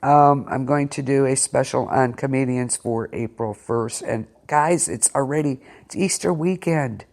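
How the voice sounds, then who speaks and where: A man's voice: mid-range voice, measured pace, hardly any pauses, darkish tone. A man hosting an internet radio show, talking in a rambling, hesitant way with many fillers and restarts, often sounding incredulous. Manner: incredulous, keeps saying wow. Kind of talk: casual chat.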